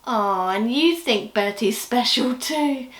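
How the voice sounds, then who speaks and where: A woman's voice: fairly high pitch, lively intonation, slow, reverberant. Encouraging woman teaching puppetry. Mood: excited. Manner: friendly, encouraging, chatty with laughs. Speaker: puppetry trainer. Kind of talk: children's ministry training video.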